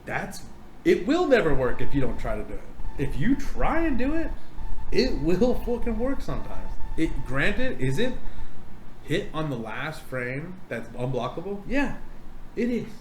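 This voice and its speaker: A man's voice: a little high, unhurried. A man hosting a podcast in casual chat, ranting with lots of swearing. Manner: profane, animated ranting. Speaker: podcast host. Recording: echoey room with faint hiss.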